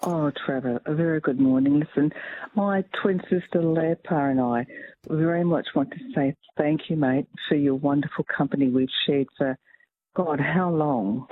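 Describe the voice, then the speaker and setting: A man's voice: on the high side, moderate pace. A man calling in to a radio show, effusive and emotional, repeating himself as he thanks the host over a thin phone line. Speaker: caller.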